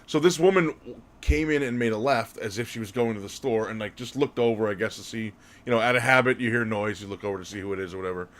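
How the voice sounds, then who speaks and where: A man's voice: fairly low pitch, fast, fairly bright tone. A man co-hosting a podcast, telling a casual story in a rambling way. He often corrects himself and laughs as he goes. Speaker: podcast co-host.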